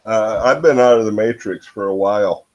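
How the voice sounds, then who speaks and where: A man's voice: on the low side, normal speed, dull audio. A man from Michigan hosting a casual chat over a video call, musing and hesitant, often trailing off with "I don't know.".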